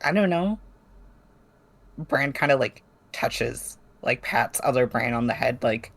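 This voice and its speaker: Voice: mid-range voice, lively intonation, slow pace, vocal fry, fairly bright tone. A player in a tabletop game, talking in character, blunt and playful in banter.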